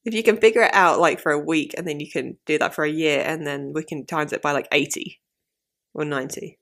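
A woman's voice: sits low, steady tone, fairly quick, a bit bright. A woman co-hosting a casual chat podcast, playful and teasing, laughing often. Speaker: podcast co-host.

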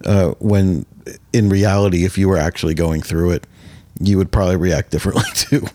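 Deep, mellow-voiced man host. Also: steady tone, a little fast, dry recording. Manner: agreeable, reflective. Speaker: podcast host. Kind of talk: casual Bible discussion.

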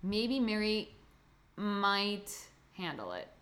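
Young adult woman, podcast co-host. Blunt, chatty, mid-pitched, in a roomy-sounding space. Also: sing-song, slow, a bit bright. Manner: chatty, blunt, thinks aloud with restarts. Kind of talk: casual chat. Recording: echoey room.

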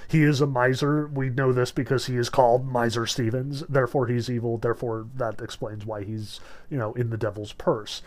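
A man's voice: mid-range voice, flat delivery, normal speed, few pauses, darkish tone. A man lecturing on literature in a conversational, analytical way, with many fillers. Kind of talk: recorded lecture.

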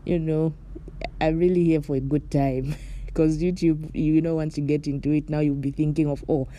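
This young Moroccan podcast host speaks from her bed in a deep, warm voice with flat delivery at a moderate pace. Her casual solo talk rambles, full of "like" and "you know" fillers and light laughs.

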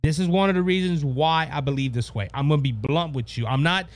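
Blunt talk-show man, high voice. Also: brisk. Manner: blunt, repetitive, addresses audience as "ladies and gentlemen"; stumbling restarts while reading news aloud. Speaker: podcast host. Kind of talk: political commentary monologue.

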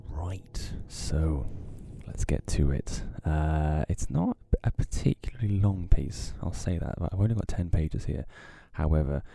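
Very deep gravelly man. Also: lively intonation, unhurried, hardly any pauses, mellow, dry recording. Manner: rambling, self-deprecating, wry asides. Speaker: podcast host. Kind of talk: casual solo podcast talk. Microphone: home podcast mic, close.

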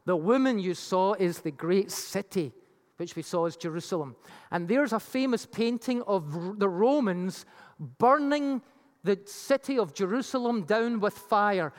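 A preacher giving an animated Bible teaching sermon with slides, acting out the voices it quotes. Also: medium pitch, unhurried. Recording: long reverb of a large hall.

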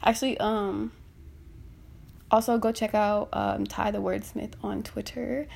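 A woman's voice: mid-range voice, fairly even intonation, a little slow, vocal fry, darkish tone, slightly rough. A woman podcast host ranting casually and bluntly into her phone, swearing and exasperated.

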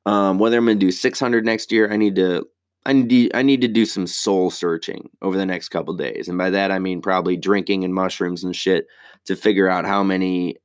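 A young man hosting his own podcast, ranting casually in a profane, rambling, animated way. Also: low voice, fairly quick, clean tone, dry recording, studio quality. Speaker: podcast host, stand-up comic. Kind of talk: casual solo podcast rant.

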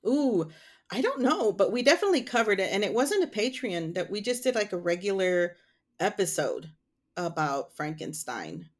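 A woman's voice: mid-range voice, sing-song, moderate pace. Chatty giggly woman co-hosting a podcast. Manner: chatty, giggly, trails off with fillers. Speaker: podcast co-host. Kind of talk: casual chat.

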